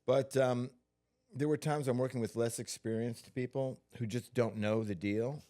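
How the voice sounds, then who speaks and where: A stuntman appears as a guest in a relaxed interview, telling stories in a medium-pitched voice, unhurried and full of fillers and restarts.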